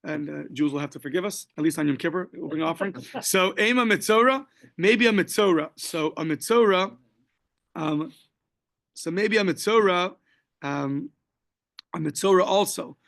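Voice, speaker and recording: A man's voice: high voice, normal speed, vocal fry, a bit bright. A man teaching a daily Talmud class, explaining the text step by step, quoting Aramaic and Hebrew phrases and joking lightly along the way. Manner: casual, joking asides.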